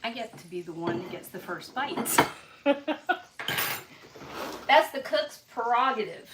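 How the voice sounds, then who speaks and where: A woman's voice: a little high, expressive, unhurried, heavy background noise. Chatty woman cooking at home. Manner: chatty, folksy, talks while tasting food. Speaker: home cook hosting a live cooking stream. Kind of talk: casual cook-along live stream. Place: home kitchen.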